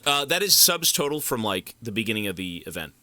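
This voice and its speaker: Excitable, bright-voiced male streamer. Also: fairly low pitch, brisk, dry recording, studio quality. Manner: excitable, effusive, swears casually. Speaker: live streamer. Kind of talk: casual live-stream chat thanking donors.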